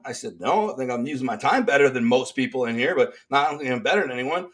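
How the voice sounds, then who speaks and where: A man's voice: mid-range voice, fast talker. Streetwise Detroit man telling prison stories. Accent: Detroit, Michigan. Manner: streetwise, animated, acts out quoted dialogue. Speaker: interview guest, author. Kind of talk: storytelling in casual interview.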